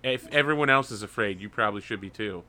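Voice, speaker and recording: Man game master, playful narration, very bright forceful voice. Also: lowish voice. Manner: playful, quick narration with filler.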